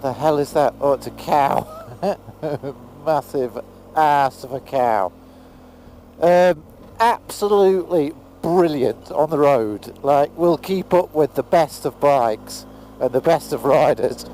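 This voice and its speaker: A man's voice: medium pitch, takes it slowly, a little mellow, a little hiss or hum. A man chatting casually into a helmet camera while riding a motorbike outdoors in pouring rain, exclaiming and swearing now and then. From Britain. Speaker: motorcycle vlogger. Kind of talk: casual vlog commentary.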